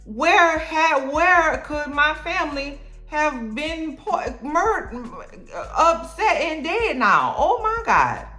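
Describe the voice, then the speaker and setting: A woman puts on a young woman playing up her grief, her voice lifted high above the speaker's own and her words drawn out slow. She stumbles and restarts with wide-eyed false innocence. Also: very animated, pushed and bright, roomy sound, faint music behind, full character voice. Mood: mock bewildered. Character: dazed, theatrical grieving young woman.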